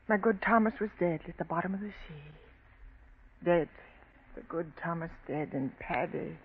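A woman's voice: medium pitch, a little hiss or hum, natural voice. Radio drama: actress doing sorrowful old mother, trembling, pleading; tinny old broadcast. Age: older. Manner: trembling, pleading, sobbing delivery. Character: grieving old Irish mother, frantic and sorrowful. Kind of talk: 1940s radio acting.

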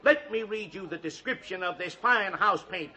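A showy auctioneer in an old radio sitcom, working the crowd with booming patter. His voice sits high and rings bright. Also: normal speed. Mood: selling. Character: fast-talking, showy male auctioneer. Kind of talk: 1940s radio comedy acting.

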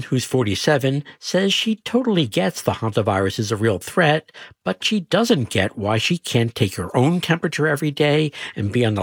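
A man working as a health correspondent, narrating a radio news report in a measured, even delivery. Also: medium pitch, breathy edge, no echo, studio quality.

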